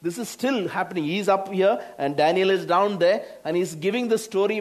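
A man with an Indian English accent preaching a sermon, slow, with frequent laughs and exclamations. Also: sits high.

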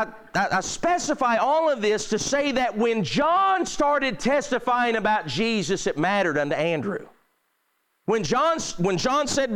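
A man with a high voice preaching a sermon. He delivers it emphatically and repeats his points. His pitch swings from high to low. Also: fairly bright tone.

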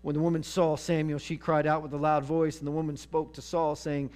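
A man's voice: on the high side, little pitch movement, fairly quick, few pauses, darkish tone. A man preaching a sermon, retelling scripture in a casual, humorous storytelling manner. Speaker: pastor.

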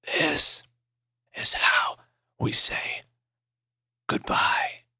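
A man voicing a frail, dying elderly professor in a whispered role-play, thin and raspy, speaking in short breathy bursts. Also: drawn-out words, sharp tone, no room sound, studio quality, exaggerated voice. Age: older.

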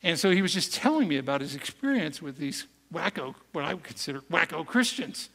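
A man's voice: on the high side, expressive, creaky, a bit bright. Earnest man preaching in a hall. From United States. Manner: earnest, conversational, slows for emphasis. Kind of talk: sermon storytelling. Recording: echoey hall reverb.

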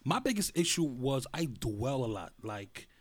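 A man's voice: mid-range voice, big pitch swings, measured pace, no room sound. Laid-back man in casual chat, dry sound. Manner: laid-back, slangy, emphatic when retelling.

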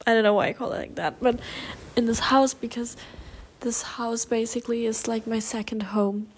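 A woman's voice: on the high side, level tone, moderate pace, slight background noise. A young woman hosting her own podcast, chatting casually and emotionally, rambling with many fillers and restarts. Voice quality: rambling, lots of fillers and self-corrections. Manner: emotional, confessional, laughs often. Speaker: podcast host. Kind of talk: casual solo podcast chat.

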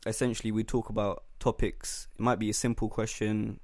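A man's voice: fairly low pitch, flat delivery, a little fast, darkish tone, no echo. Young Englishman hosting, dry close sound. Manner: steers the talk, reads out the questions. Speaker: podcast host. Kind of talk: casual chat.

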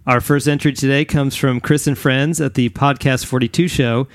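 A man's voice: medium pitch, fairly even intonation, moderate pace, no room sound. A man hosting a podcast, introducing clips in an upbeat, joking way. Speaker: podcast host. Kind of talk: introducing clips, casual chat.

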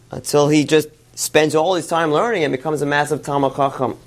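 A male rabbi telling a story in a sermon, with animated retelling and quick asides. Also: a little high.

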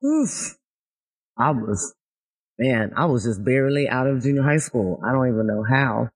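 A woman's voice: a bass voice, very animated, moderate pace, slightly rough. A woman in her thirties hosting a podcast in casual chat, playful and laughing, stuffy from a cold. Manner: playful, laughing, self-mocking. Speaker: podcast host.

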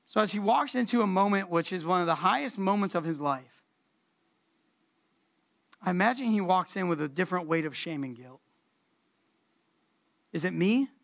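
A woman preacher giving a casual, conversational sermon, relaxed and slangy, repeating words for emphasis. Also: fairly low pitch, brisk, pauses often.

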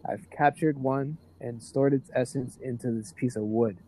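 A man voicing a depressed old male village wizard who speaks quietly and hesitantly. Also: medium pitch, fairly even intonation, moderate pace, close to an everyday voice. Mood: gloomy.

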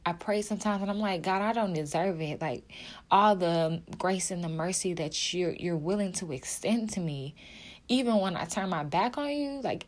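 A woman's voice: lowish voice, darkish tone. A young woman talking to her viewers about her faith, emotional and heartfelt, casual with many fillers and repeats. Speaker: video creator. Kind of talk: emotional personal faith talk to camera.

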